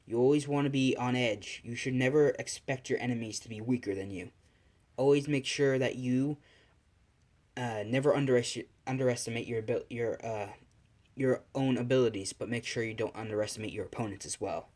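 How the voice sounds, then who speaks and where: A man's voice: mid-range voice, brisk, darkish tone, close to an everyday voice. An earnest young boy hero , voiced by a man narrating talks sincerely and modestly. He gives advice with a humble tone. This is a spoken fan story.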